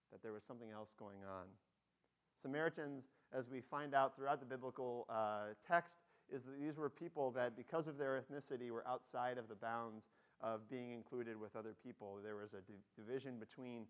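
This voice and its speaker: A man delivers an earnest sermon at an ordinary middle pitch. He tells the story with energy, brightening into lively character voices, then sinks soft and low to drive the key lines home. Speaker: pastor.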